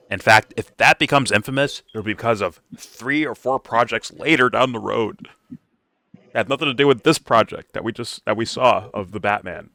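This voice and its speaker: A man's voice: lowish voice, bright, forceful tone, dry recording. A man hosting a reaction video, talking casually and animatedly with lots of swearing and mocking imitations of others. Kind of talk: casual profane reaction commentary.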